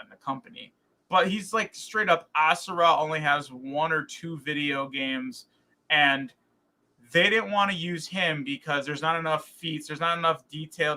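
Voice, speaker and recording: Man, podcast co-host, bright high-ish voice, rambling casual chat with lots of fillers. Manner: animated, rambling with many fillers and restarts.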